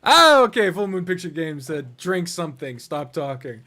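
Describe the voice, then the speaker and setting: A man's voice: fairly high pitch, sing-song, normal speed, pushed and bright. A man streaming a strategy game, chatting casually, ranting, swearing and laughing a lot. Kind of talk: casual gaming livestream commentary.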